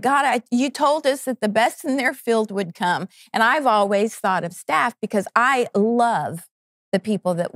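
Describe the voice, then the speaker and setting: A middle-aged woman tells a heartfelt faith story in a fervent, earnest way, often stopping to restart her sentences. Her pitch sits in a normal middle range. The studio sound is dry and close. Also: dry recording. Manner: earnest, fervent, halting with restarts and quoted prayers. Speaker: network co-founder. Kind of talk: emotional personal testimony. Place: television studio.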